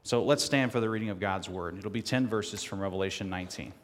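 A man's voice: on the low side, fast, faint music behind. Man preaching in a reverberant sanctuary. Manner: rising to loud emphatic reading of scripture. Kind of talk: sermon with scripture reading. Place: church sanctuary. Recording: long hall reverb.

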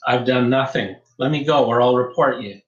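A man's voice: mid-range voice, moderate pace, highs cut off, natural voice. A defiant young man, as a male narrator plays him in an audiobook. He talks in short, blunt bursts. The reading carries a roomy echo. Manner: curt, defiant.

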